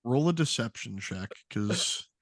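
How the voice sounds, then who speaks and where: Male game master, casual halting narration, dry close podcast mic. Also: mid-range voice, animated, no room sound.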